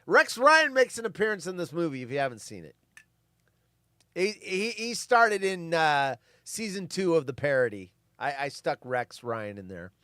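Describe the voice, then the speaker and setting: High-voiced man reading movie trivia. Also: very animated, moderate pace, pushed and bright, no echo, studio quality. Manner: reads facts, then adds offhand asides. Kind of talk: casual commentary over a film.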